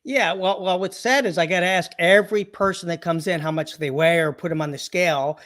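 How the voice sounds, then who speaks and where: A man's voice: high voice, brisk, fairly bright tone. A man, a chiropractor and part-time comedian, telling punchy funny patient stories as an interview guest, acting out their voices and laughing often. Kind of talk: storytelling interview.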